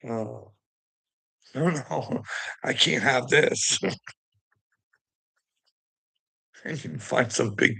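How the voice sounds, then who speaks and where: A man's voice: mid-range voice, vocal fry, bright, forceful tone, slightly rough. A man ranting casually to his viewers, swearing constantly, rambling and laughing between thoughts. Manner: profane, rambling, laughing often.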